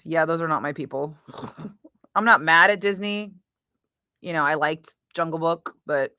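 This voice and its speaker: A woman radio DJ chatting casually between on-air segments, telling stories in an animated way, laughing and swearing freely. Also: deep voice, takes it slowly, long pauses, clean tone, no room sound. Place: radio studio.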